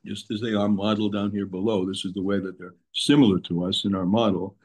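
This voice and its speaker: Man, lowish voice, patient teacher glossing pronounced terms in English. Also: level tone, quick pace, darkish tone, husky. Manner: explanatory, repeats and restates terms, mixes Hebrew terms into English. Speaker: Torah teacher. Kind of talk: daily text lesson.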